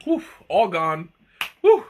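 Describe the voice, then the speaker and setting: A man's voice: high voice, wildly swooping pitch, slow pace, a little hiss or hum. A man hosting a casual tea-tasting live stream, rambling with many ums and restarts. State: hiccuping. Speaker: tea livestream host.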